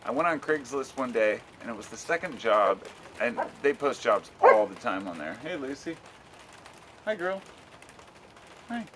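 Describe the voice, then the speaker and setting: A man's voice: mid-range voice, lively intonation, moderate pace, fairly bright tone, a little hiss or hum. A middle-aged American man talking at home in a loose, rambling vlog, swearing casually. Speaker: vlogger.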